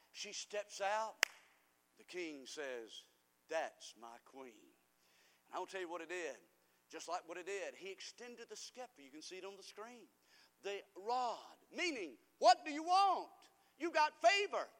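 A man preaching a sermon in a church, fervent, swinging from quiet asides to loud cries. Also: a little high. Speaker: pastor. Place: church sanctuary. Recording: long hall reverb.

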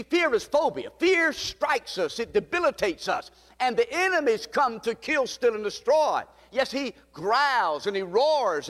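Older preacher man, high voice, wide swings in pitch, reverberant church hall. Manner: swings from loud high calls to low hushed lines, quotes scripture. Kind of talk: sermon.

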